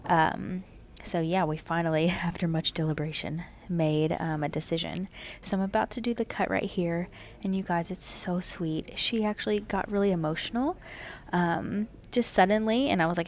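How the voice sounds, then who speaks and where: A woman casually narrating her home haircut video, chatty and relaxed, with lots of "um"s and "kinda"s. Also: fairly low pitch, moderate pace, slight background noise.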